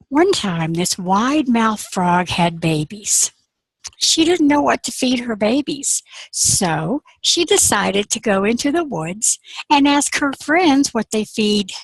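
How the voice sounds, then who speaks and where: A woman's voice: medium pitch, no room sound, low-quality recording. A woman telling a folk tale in a chatty, conversational way, as if talking to a room of listeners. She takes her time over each line, and the sound is dry and close. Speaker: storyteller. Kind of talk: spoken storytelling talk.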